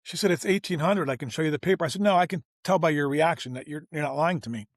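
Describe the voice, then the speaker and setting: A man's voice: fairly high pitch, quick pace, no echo, clean studio sound. A man guest on a business interview show, telling a story casually and animatedly, acting out the dialogue as he goes. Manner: animated, acts out quoted dialogue, informal.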